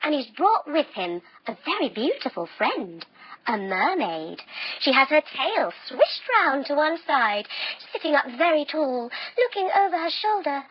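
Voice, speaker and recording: A woman leading a children's yoga lesson as a story, playful and animated, with silly sound effects. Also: high voice, measured pace, highs cut off. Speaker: kids yoga teacher.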